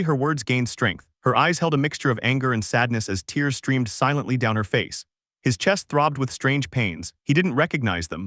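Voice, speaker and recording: A man narrates a fanfic story in a steady, even reading voice at a middling pitch. The sound is dry and close, with no room echo.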